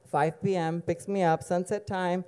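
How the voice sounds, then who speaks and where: Male storyteller from Dubai: smooth, resonant voice, casual and digressive, with dry asides. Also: high voice, flat delivery, a little slow, darkish tone. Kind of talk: live personal storytelling.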